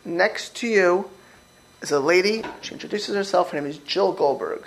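A man's voice: high voice, sing-song, brisk, vocal fry, rough recording. A man teaching a religious class as a rabbi, talking informally, repeating words and acting out quoted speech as he questions his listeners.

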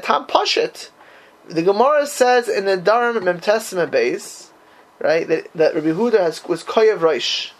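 A man teaching an informal Talmud class, mixing Hebrew and Yiddish terms into English and asking animated questions of his students. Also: creaky, low-quality recording. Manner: animated, rising to high emphatic questions.

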